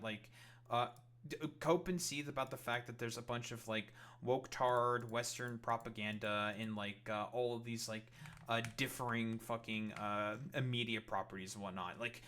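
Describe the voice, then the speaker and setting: A man's voice: mid-range voice, pushed and bright, a little hiss or hum. A man ranting in a reaction commentary, profane and rambling with many fillers.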